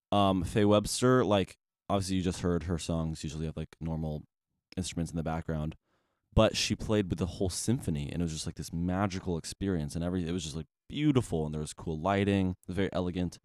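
A young man with a very low voice hosts a laid-back radio show, drifting through his thoughts with plenty of fillers. The studio sound is dry and close, with no room echo. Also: a little fast. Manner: relaxed, rambling with many fillers. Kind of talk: casual radio show chat.

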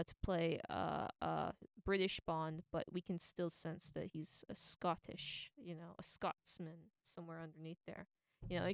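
A woman with a lowish voice talks through her opinions in a loose, rambling, chatty way. Her tone is smooth and clean. The recording is dry and close, with no room sound. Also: no room sound. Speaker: pop culture commentator. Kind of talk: casual opinion monologue.

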